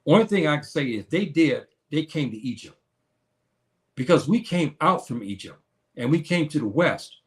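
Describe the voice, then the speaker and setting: A man's voice: on the high side, expressive, moderate pace. A man hosting his own show, talking casually and earnestly to viewers, with many restarts, calling them brother and sister. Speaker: show host answering viewers. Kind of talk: casual livestream talk.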